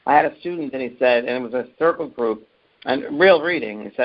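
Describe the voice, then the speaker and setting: A man's voice: medium pitch, expressive, fairly quick. A man who teaches mediumship, telling stories from his work in an earnest, emphatic way and often repeating his words. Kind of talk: interview answer, storytelling. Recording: muffled lo-fi audio.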